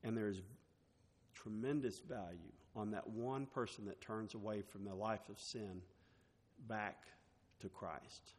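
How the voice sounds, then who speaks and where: A man's voice: fairly low pitch, steady tone, slow pace. A man preaching in a church, his voice carrying a long hall reverb. He reads scripture aloud, then explains it in plain, everyday words, sometimes restarting a phrase. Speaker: pastor. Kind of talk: sermon with scripture reading.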